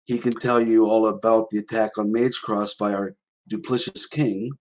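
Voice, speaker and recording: A man's voice: lowish voice, level tone, normal speed, natural voice, poor audio. A man voicing an honor-bound young raccoon knight, the son of a noble house, speaking earnestly and formally.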